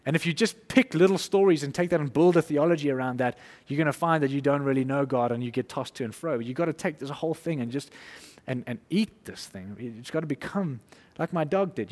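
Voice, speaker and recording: A man preaching an informal sermon, conversational and animated, acting out little quotes and laughing as he goes. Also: fairly high pitch, a little fast, long reverb tail.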